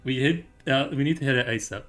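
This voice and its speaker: A man's voice: medium pitch, fast, fairly bright tone, faint music behind. A man streaming a story game, chatting casually with his viewers and reading the game's dialogue aloud in a rambling, easygoing way. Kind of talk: casual gameplay commentary and story read-aloud.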